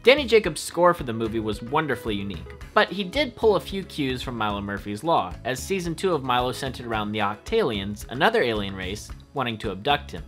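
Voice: medium pitch, big pitch swings, brisk, few pauses, fairly bright tone, soft background music. A narrator reading a scripted fan video about cartoon references in an enthusiastic, upbeat explainer manner.

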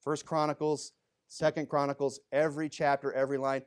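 A man preaching a sermon in an earnest way, moving from quiet, reflective passages to emphatic, rising exhortation. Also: a little high, flat delivery, fairly quick, clean tone. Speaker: pastor.

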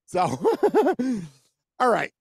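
A man co-hosting a casual podcast, ranting excitedly with lots of laughter and swearing. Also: very high voice, drawn-out words, gravelly, husky, no echo. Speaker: podcast co-host. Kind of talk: casual wrestling chat.

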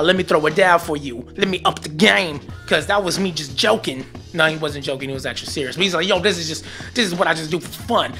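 A man reviewing comic books in a casual vlog, excitable and rambling, teasing his viewers with jokey asides. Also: high voice.

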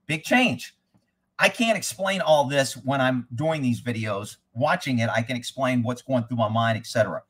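A man's voice: medium pitch, moderate pace, fairly bright tone, husky. A man who trains horses, giving blunt, rambling live commentary over riding footage and swearing freely.

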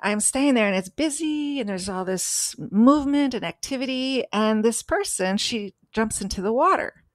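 A woman's voice: a little high, lively intonation, normal speed, no room sound. A woman co-hosting a podcast, telling a personal story in an earnest, emphatic way. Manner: earnest, emphatic, acts out voices in stories. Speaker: podcast co-host.

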